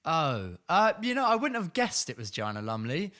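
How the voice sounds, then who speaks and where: A man's voice: a little high, very animated, normal speed, fairly bright tone. Sardonic man co-hosting a comedy podcast. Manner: dry, sardonic, playing along with bits. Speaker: podcast co-host. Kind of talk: comedic casual chat.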